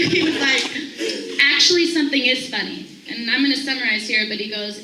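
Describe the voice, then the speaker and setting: High bright young woman telling a story. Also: slow, pauses often, slight background noise. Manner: animated storyteller acting out quoted voices. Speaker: staff member sharing a morning thought. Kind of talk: casual storytelling to a group. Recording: echoey room, voice from a distance.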